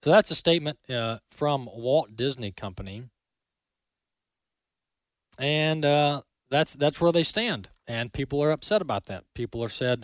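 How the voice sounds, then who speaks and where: A man's voice: mid-range voice, expressive, a little slow, dry recording, clean studio sound. A man hosting an opinion commentary segment. He speaks emphatically, often repeats words and ends points with "all right?". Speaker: host.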